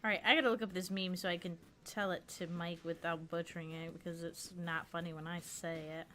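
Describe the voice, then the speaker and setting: A woman's voice: on the low side, flat delivery, brisk, fairly bright tone, a little hiss or hum. A woman streamer chatting casually while playing a game, telling stories in a rambling way. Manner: chatty, storytelling, lots of "I was like". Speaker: streamer host. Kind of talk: casual chat while gaming.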